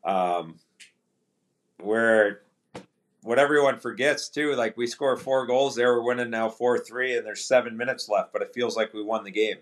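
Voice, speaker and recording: A middle-aged man, a retired hockey player, telling stories as a podcast guest in a relaxed, anecdotal way and acting out quoted dialogue. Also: medium pitch, moderate pace. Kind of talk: casual storytelling interview.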